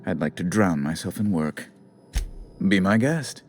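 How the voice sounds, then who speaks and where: An actor playing a prim, self-pitying corporate official in a video game, speaking in clipped, theatrical formal diction. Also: male voice, deep voice, lively intonation, a little slow, soft background music. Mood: flustered. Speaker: corporate board representative. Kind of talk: video game character dialogue.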